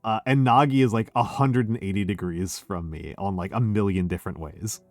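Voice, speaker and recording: A man's voice: fairly low pitch, brisk, dry recording, soft background music. A man chatting casually on a drinking stream, tipsy and hiccuping, rambling and emphatic with lots of fillers. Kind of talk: casual chat.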